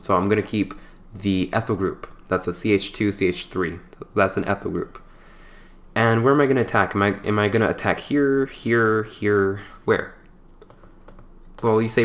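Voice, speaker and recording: A man with a somewhat low voice walks through a chemistry problem like a tutor at a whiteboard. He keeps it loose and conversational, tossing in jokey asides and correcting himself along the way. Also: normal speed, pauses often. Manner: relaxed and chatty, with playful asides and small stumbles. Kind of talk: casual whiteboard lecture.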